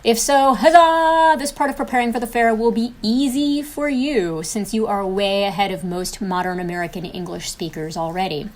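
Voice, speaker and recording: A woman's voice: medium pitch, moderate pace, few pauses, a little mellow. An encouraging woman hosts a lesson with an upbeat, teacherly lilt. Her voice sits in a comfortable middle register as she walks the listener through each rule. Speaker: co-host and instructor. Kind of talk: scripted instructional video.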